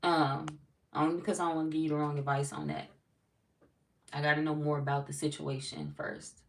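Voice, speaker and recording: A woman with a low, gravelly voice talks fairly quickly, recorded from a distance. She's a tarot reader on a livestream, greeting her live chat casually, reading viewers' comments aloud and laughing often.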